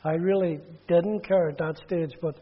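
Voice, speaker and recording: Northern Irish preacher, high voice, testimony storytelling, dull muffled sound. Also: male voice, steady tone, normal speed. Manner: plain storytelling that drops quiet and low in sad parts.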